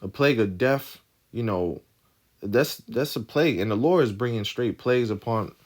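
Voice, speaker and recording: A man's voice: medium pitch, lively intonation, moderate pace. A man giving informal bible teaching, reading verses aloud and explaining them emphatically, often tagging his points with "right?". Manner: emphatic, keeps asking "right?" after each point. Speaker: scripture teacher.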